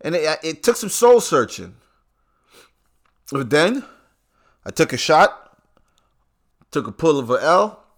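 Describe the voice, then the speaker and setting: A man's voice: fairly high pitch, big pitch swings, takes it slowly, pauses often. A man delivering a casual, profane rant to his viewers in street slang.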